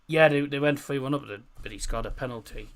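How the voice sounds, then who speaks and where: A man's voice: mid-range voice, fast. A man hosting a casual football watchalong stream, rambling through chat messages with lots of fillers.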